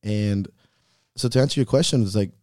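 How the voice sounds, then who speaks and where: A man's voice: on the low side, a little fast, a little mellow, dry recording, clean studio sound. A man hosting a podcast, telling heartfelt personal stories in casual talk full of swearing. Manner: profane, heartfelt storytelling. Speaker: podcast host.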